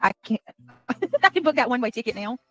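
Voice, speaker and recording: A woman's voice: on the high side, animated, fast, bright, forceful tone, soft background music. A woman on a livestream, ranting angrily and profanely at her critics. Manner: profane, heated, rambling. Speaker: livestreamer in a played clip. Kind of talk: angry livestream rant.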